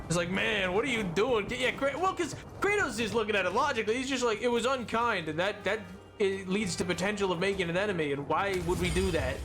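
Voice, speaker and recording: Brief: a jokey, rambling man commentating his gameplay in a very high voice, soft music underneath. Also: fast talker, few pauses. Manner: rambling, jokey, self-amused. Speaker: game streamer.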